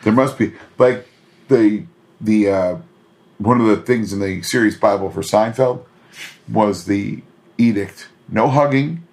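A man co-hosting a podcast in casual chat, animated and laughing often, slipping into put-on voices to quote characters. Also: on the low side, measured pace. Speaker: podcast co-host.

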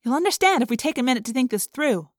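A woman voicing a bold, sharp-tongued teenage girl in an audiobook. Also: sits high, expressive, quick pace, no echo, studio quality, pitched above the performer's own voice. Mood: fiery. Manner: sharp, confrontational.

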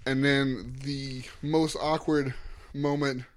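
A man's voice: medium pitch, flat delivery, takes it slowly. A young man co-hosting a podcast, recapping events in casual chat with dry jokes. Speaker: podcast co-host.

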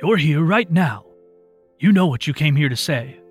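A man doing a brisk, commanding older mentor. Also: fairly high pitch, expressive, husky, soft background music, voice pushed up.

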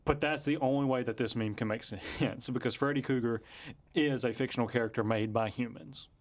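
A man's voice: medium pitch, fairly even intonation, fairly quick. A man hosting a casual podcast discussion, laid-back and addressing listeners directly. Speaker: podcast host.

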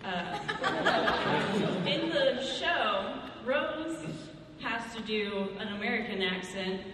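A woman's voice: on the high side, slow pace, very noisy. A woman asking a convention panel a question, hesitant and polite. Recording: echoey convention hall from far off.

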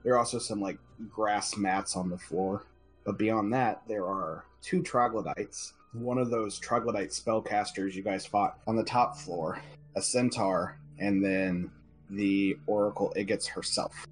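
A man with a fairly low voice, running a tabletop game with easy narration. He speaks in a relaxed, conversational manner. Faint music plays behind him. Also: unhurried. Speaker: game master.

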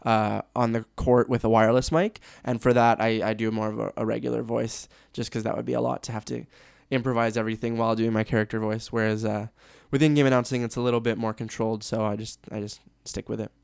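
A man's voice: fairly low pitch, little pitch movement, fast talker, creaky, hardly any pauses, darkish tone, smooth, no room sound, studio quality. A young man from Canada, a sports announcer guest, chatting candidly and laughing easily. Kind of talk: casual interview chat.

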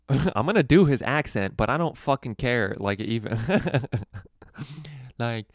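A man's voice: medium pitch, expressive, takes it slowly, no echo, studio quality. A young adult man, a stand-up comedian hosting a podcast, telling stories in rambling, profane casual chat and laughing often.

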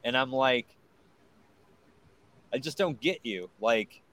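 A man's voice: mid-range voice, slow pace, poor audio. Swearing man chatting outdoors. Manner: animated, heavy swearing, lots of "like". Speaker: guest musician. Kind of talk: casual podcast chat. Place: outdoors in a yard.

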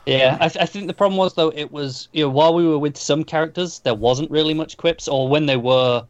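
A man's voice: a little high, a little fast, lo-fi sound. A man co-hosting a casual film podcast, opinionated and emphatic in his takes. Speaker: podcast co-host. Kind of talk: casual film-discussion chat.

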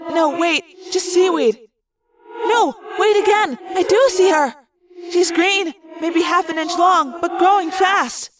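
An earnest, observant teenage girl in an audiobook, as a woman reads her. Her voice is high and eager. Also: slow pace, over music.

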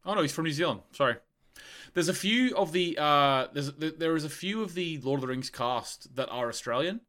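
A man's voice: on the high side, lively intonation, a little fast, a bit bright. A young man co-hosting a film podcast, easygoing and hesitant, often restarting his sentences. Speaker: podcast co-host. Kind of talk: casual film chat.

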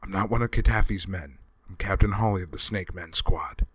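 A tough, protective soldier, voiced by a man reading aloud, talking in a deep, low voice. He is firm and reassuring. The recording is dry and close, like an audiobook. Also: brisk, a bit bright, breathy edge, dry recording. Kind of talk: audiobook character voice.

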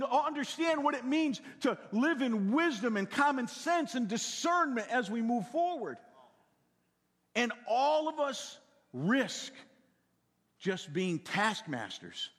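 An older man preaching a sermon in a folksy way, repeating words and swinging from loud to hushed. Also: very high-pitched, in a large hall. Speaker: pastor.

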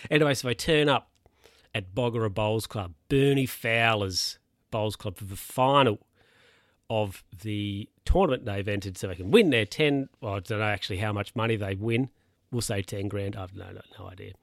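A man's voice: on the low side, moderate pace, gravelly, dry recording, studio quality. A young man casually retelling a film's plot, rambling, chuckling and losing his place to check his notes. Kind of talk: casual film recap.

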